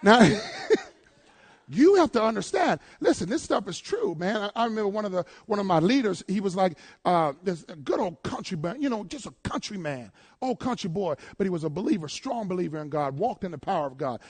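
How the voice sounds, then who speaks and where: A man preaching a sermon, calling out to his congregation and swinging between loud declarations and hushed asides. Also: high voice, very animated, brisk, hardly any pauses, husky.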